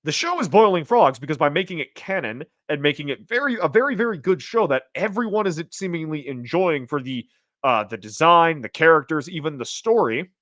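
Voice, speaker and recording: A man hosting a casual livestream, reading chat aloud and rambling, with restarts and sudden excited jumps in pitch. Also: fairly quick, no room sound, lo-fi sound. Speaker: streamer host reading chat.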